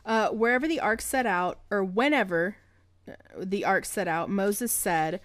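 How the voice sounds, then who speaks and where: A woman's voice: mid-range voice, a little slow, no echo. A woman hosting a casual podcast, reading Bible passages and breaking in with profane, joking commentary. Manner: irreverent, profane, joking asides between scripture passages. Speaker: podcast host.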